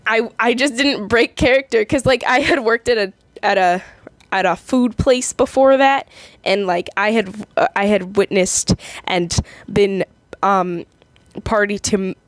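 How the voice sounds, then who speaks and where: A woman's voice: mid-range voice, steady tone, a little slow, no echo. A young adult woman casually reading online comments aloud and reacting to them, giggly and chatty, often stumbling and restarting her sentences.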